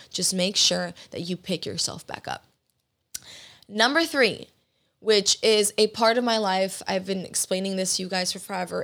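A woman's voice: medium pitch, fairly bright tone. Young woman podcast host, mid-range voice; candid, emphatic motivational talk with free swearing. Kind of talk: casual motivational monologue.

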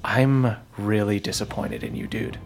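A man's voice: fairly low pitch, sing-song, unhurried, vocal fry, soft background music, pitched below the performer's own voice, full character voice. A man voicing a laid-back, smug male bear prince who drawls in casual slang, in a tabletop game. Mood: disappointed.

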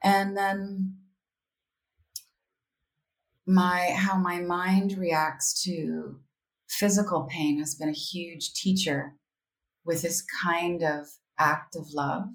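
Candid woman guest, low voice, roomy sound. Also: slow. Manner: candid, reflective, animated, with quoted self-talk. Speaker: podcast guest, author. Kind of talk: casual interview conversation. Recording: roomy echo.

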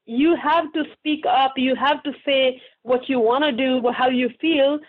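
A woman's voice: sits high, fairly even intonation, a little slow. A young woman answering interview questions earnestly and from the heart, often restarting her sentences. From Pakistan. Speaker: guest author. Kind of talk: interview answers over a remote line. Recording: tinny phone-like line.

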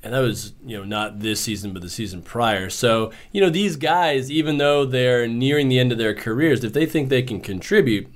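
A man co-hosting a sports podcast, giving measured takes in a relaxed, conversational way. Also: mid-range voice. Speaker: podcast co-host. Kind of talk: casual sports talk.

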